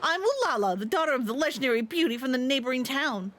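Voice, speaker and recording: A woman's voice: high-pitched, lively intonation, quick pace, a bit bright. A woman voicing a haughty, boastful young female rival idol in a snide, bossy way, reading game dialogue aloud on a stream. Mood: scornful.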